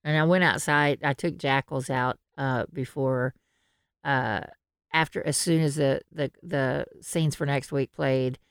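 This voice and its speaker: A woman with a low, smooth voice hosts a casual podcast chat. She reads fan posts aloud and laughs easily. The sound is close and dry, with no room echo. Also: fairly even intonation, unhurried. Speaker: podcast host.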